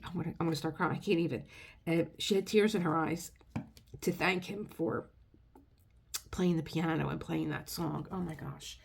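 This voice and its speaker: A woman's voice: on the low side, vocal fry, slightly rough. A middle-aged woman telling a rambling, emotional story in a casual vlog. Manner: chatty, rambling, emotional, restarts often. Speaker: craft video creator.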